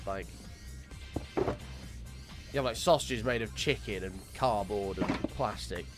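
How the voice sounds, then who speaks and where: A young man chatting casually with viewers while streaming a game, excitable and swearing freely. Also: lowish voice, takes it slowly, over music. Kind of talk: casual live-stream chat.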